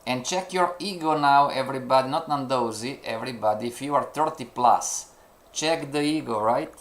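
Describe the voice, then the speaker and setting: At a moderate pace, a man with a mid-range voice teaches a live trading lesson to his students as their instructor. He speaks English non-natively, sometimes searching for words, and keeps testing their understanding using "you know" and rhetorical questions.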